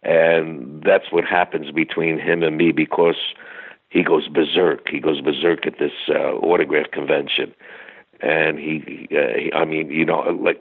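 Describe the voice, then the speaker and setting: A man's voice: very deep voice, creaky, husky. An older man telling chatty anecdotes as an interview guest, full of fillers and restarts, heard over a phone line. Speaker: guest singer. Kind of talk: storytelling interview.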